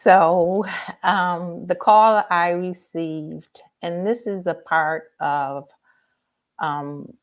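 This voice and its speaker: Woman, very low voice, slow and measured, slightly dull sound. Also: steady tone. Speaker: real estate agent. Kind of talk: casual explanation.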